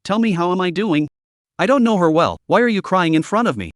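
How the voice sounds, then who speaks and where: A man's voice: high voice, expressive, a little fast, no room sound, studio quality. A man voicing a blunt, cool-headed young woman who questions others sharply. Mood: cold.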